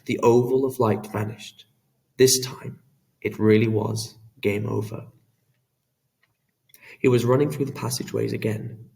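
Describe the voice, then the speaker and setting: Low, gravelly man narrating an audiobook. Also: fairly even intonation, dark tone, distant mic. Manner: measured, dramatic storytelling. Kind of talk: scripted narration.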